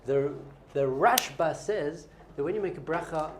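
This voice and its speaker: A middle-aged man, teaching a lively class as a rabbi and quizzing his students with playful questions. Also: a little high, unhurried, slight background noise. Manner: animated, playful, quizzing the audience.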